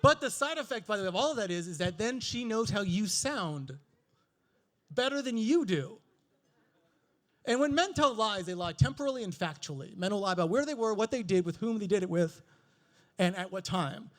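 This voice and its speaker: A high-pitched male comedian working a live stage set. He is animated and profane, and he leaps into exaggerated character voices with sudden jumps in pitch. His voice comes through a handheld stage microphone. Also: moderate pace. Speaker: stand-up comedian.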